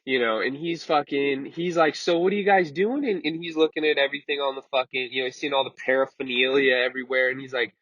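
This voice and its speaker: Husky young man rambling through a story. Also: mid-range voice, flat delivery, quick pace, hardly any pauses, pushed and bright, no echo. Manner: rambling, profane, says "dude" a lot. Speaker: vlogger. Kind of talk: casual storytelling. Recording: slightly muffled lo-fi recording.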